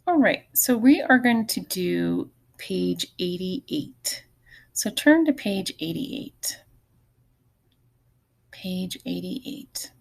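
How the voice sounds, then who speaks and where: A woman teacher giving an online phonics lesson, patient and slow, often repeating words. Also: mid-range voice, lively intonation, creaky.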